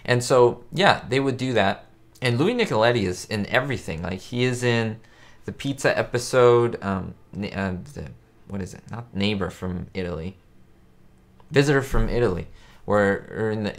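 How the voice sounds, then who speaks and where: Casual male live-stream host, lowish voice, loose and rambling delivery for a facecam chat. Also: moderate pace. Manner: rambling and chatty, many fillers and restarts.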